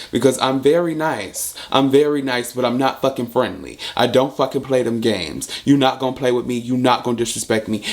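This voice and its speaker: A man telling a story in a casual vlog monologue, blunt and profane, repeating points for emphasis. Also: medium pitch. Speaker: storyteller vlogger.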